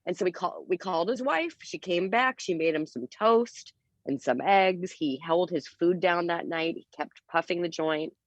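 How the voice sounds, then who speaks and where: A woman guest on a podcast telling a story in a casual, animated way. She is candid and uses a lot of fillers. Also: on the low side, normal speed, no echo, highs cut off. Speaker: interview guest.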